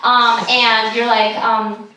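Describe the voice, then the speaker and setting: A young woman comedian from California doing a stand-up set. Her voice sits a little high, and she is chatty and self-deprecating, full of ums and giggles. She is picked up from a distance in a very echoey room with some noise behind her. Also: flat delivery, takes it slowly, bright, forceful tone. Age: young adult. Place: comedy show stage in a room.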